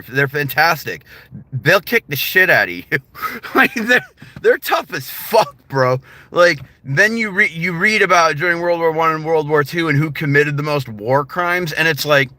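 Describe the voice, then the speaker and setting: A man's voice: on the high side, lively intonation, moderate pace, sharp tone, dry recording. A man chatting casually with viewers on a livestream, rambling, laughing often and swearing freely. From United States. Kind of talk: casual live-stream chat with viewers.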